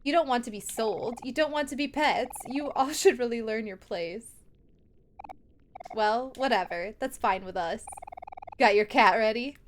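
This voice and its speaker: A woman's voice: a little high, measured pace, a little hiss or hum, close to an everyday voice. A woman reading sly menacing slime sisters. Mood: sly menace. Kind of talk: reading game dialogue aloud.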